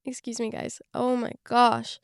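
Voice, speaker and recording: A woman's voice: on the high side, completely flat delivery, measured pace, smooth, dry recording, clean studio sound. A woman of about twenty who is sick, talking in a chatty, rambling way with lots of fillers as she hosts her own podcast from a parked car. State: sick, under the weather. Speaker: podcast host. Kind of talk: casual chat. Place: parked car in a parking lot.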